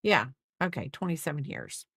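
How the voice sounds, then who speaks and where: A woman's voice: low-pitched, big pitch swings, moderate pace, a bit bright, husky, dry recording, clean studio sound. A woman in her fifties chatting casually while crocheting on a livestream, rambling and thinking aloud with lots of fillers. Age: 50s.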